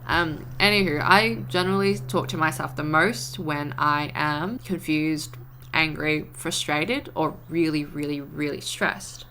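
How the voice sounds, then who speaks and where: A young woman vlogging in a casual, rambling way, breaking into animated acted-out rants. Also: low-pitched, measured pace, a little hiss or hum. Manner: rambling, animated, acts out her own frustrated rants. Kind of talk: casual talk to camera.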